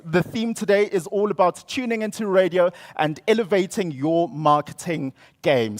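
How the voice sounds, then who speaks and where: A young man hosts an event from the stage, telling a story in a theatrical way with big swings in pitch and loudness. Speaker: event host. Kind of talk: storytelling keynote talk. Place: conference stage.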